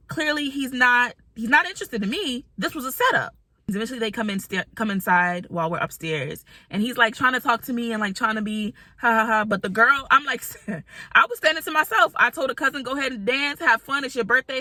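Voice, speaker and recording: Bright chatty woman telling a story. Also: on the high side, no room sound. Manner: animated, chatty, acts out quotes. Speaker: vlogger. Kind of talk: casual storytelling.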